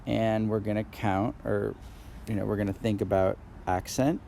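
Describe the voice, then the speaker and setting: A man's voice: fairly low pitch, flat delivery, moderate pace, gravelly, mellow, a little hiss or hum. A man teaching a percussion exercise in a recorded tutorial, explaining patiently with fillers and counting beats aloud. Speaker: percussion instructor.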